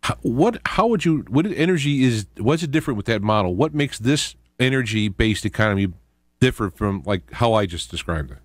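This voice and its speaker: A man's voice: mid-range voice, very animated, fairly quick, dry recording, clean studio sound. A man hosting a radio interview, thinking aloud as he works toward a question. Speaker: radio show host.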